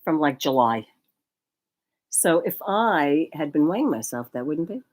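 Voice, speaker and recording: Co-host, woman, very low pitch, talkative and animated. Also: measured pace. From Long Island. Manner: rambling, animated, says "you know" a lot. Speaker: podcast co-host. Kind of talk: casual chat.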